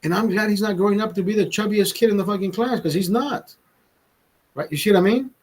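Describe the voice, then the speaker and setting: A man's voice: high voice, fast, slightly rough, low-quality recording. A young man telling a rambling, profane story in casual chat, with many restarts. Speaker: vlogger host.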